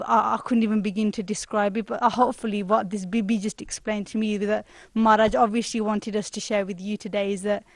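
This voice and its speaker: British woman, earnest spiritual talk, flat even pitch, dry close sound. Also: no room sound, poor audio. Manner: earnest, retells a story with quoted dialogue. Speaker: panel speaker. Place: gurdwara hall.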